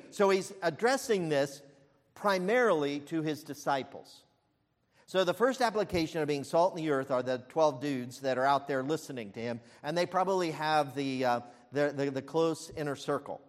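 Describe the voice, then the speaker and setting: A man preaching a sermon as pastor, emphatic, with frequent fillers and restarts and loud peaks. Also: on the high side, big-room sound.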